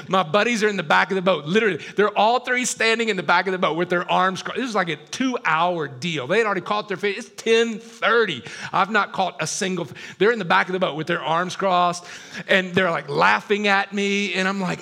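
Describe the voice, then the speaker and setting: Guy pastor preaching, laid back and poking fun at himself, kinda high voice with lots of gravel. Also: normal speed, sharp tone. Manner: casual, self-deprecating storyteller. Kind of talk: storytelling sermon.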